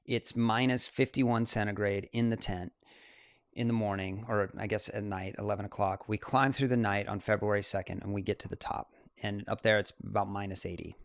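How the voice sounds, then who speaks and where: A man in his forties, a mountain climber and photographer, telling stories as an interview guest. His delivery is animated, with laughter and quick asides. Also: fairly low pitch, gravelly, no room sound, clean studio sound. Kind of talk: casual interview storytelling.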